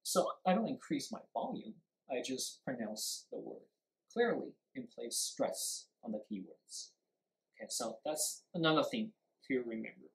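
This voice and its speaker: A teacher in a live-streamed English speaking lesson, explaining pronunciation emphatically and acting out example sentences to show stress and rising or falling pitch, with short switches into Mandarin. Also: big pitch swings, a little slow, gravelly. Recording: roomy echo.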